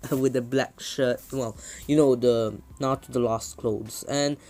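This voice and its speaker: A man's voice: mid-range voice, fairly even intonation, slow pace, mellow, soft background music. A man casually retelling a fan-made anime story, rambling, often correcting himself and filling gaps. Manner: rambling, with fillers and self-corrections.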